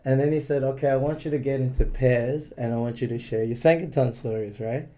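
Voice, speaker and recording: Mellow-voiced man telling rambling stories. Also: mid-range voice, steady tone, a little fast, low-quality recording. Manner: rambling storyteller, many "like" fillers, acts out dialogue. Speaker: speaker giving a devotional class. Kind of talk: informal storytelling class. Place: indoors in a private house.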